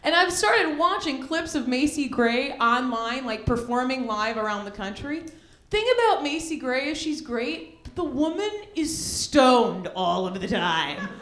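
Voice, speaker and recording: A woman's voice: sits high, animated, measured pace, a bit bright. A woman doing stand-up on a club stage, drawling mocking impressions and singing parody lines. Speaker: stand-up comedian. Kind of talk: stand-up set. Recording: echoey club room.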